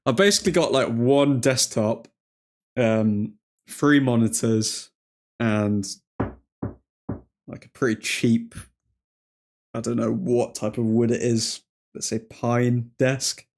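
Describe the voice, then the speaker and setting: A man's voice: medium pitch, fairly even intonation, slow, pauses often, darkish tone. A chatty man hosts a live football watchalong in a casual, rambling way. He laughs often, reads chat aloud and breaks off to call out the play. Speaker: streamer host.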